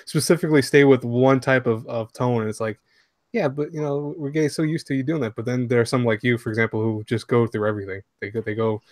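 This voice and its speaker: A man hosts a casual live-stream interview as an eager anime fan, talking quickly and tripping over his words as he restarts. His voice sits at an ordinary pitch, and the sound is dry and close. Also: steady tone, darkish tone, dry recording. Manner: enthusiastic fan, stumbles and restarts often. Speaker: anime YouTuber host.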